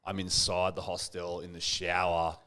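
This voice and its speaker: A man's voice: deep voice, completely flat delivery, normal speed, pushed and bright. A man, a podcast guest telling a long story in casual chat, rambling and full of "like" fillers.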